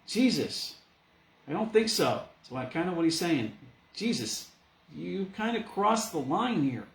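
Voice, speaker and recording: A man preaching a sermon as a pastor, in a lively, conversational way, full of rhetorical questions. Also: high-pitched, a little slow. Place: church. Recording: echoey church room.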